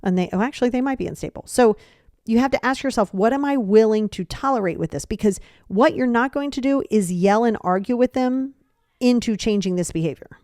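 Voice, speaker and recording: A woman hosting a podcast, giving casual advice and acting out example dialogues in quick quoted voices, repeating phrases for emphasis. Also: on the high side, a little mellow, dry recording, studio quality. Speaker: podcast host.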